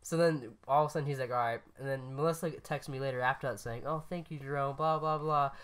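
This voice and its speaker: A man's voice: mid-range voice, steady tone, fast, background noise. A man co-hosting a podcast, telling a story in casual chat, rambling and correcting himself, laughing at his own lines. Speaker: podcast co-host.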